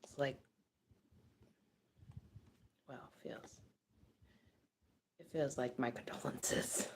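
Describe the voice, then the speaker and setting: A woman reading for her viewers in a low voice. She talks slowly and casually, swears freely and drifts from quiet murmuring into excited outbursts. A faint hiss sits under the voice. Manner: loose, profane, swings from hushed to excited. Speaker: psychic reader. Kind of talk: casual spoken card reading.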